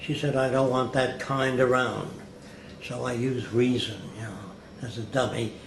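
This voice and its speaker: A gravelly, medium-pitched male voice at a moderate pace tells anecdotes as an interview guest, vividly acting out the people he quotes. Echo and faint hiss come through from the room.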